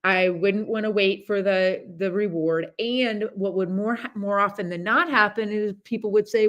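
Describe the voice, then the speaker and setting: A middle-aged woman hosting a podcast, talking in a chatty, animated way with many asides and restarts as she gives a casual motivational talk. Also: medium pitch, moderate pace, few pauses. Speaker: podcast host.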